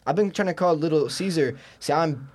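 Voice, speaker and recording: A young man, a podcast guest, chatting crudely while high and prank-calling a pizza place with giggly banter. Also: brisk, a little mellow, slightly rough. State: high, intoxicated. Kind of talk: casual chat, prank calling.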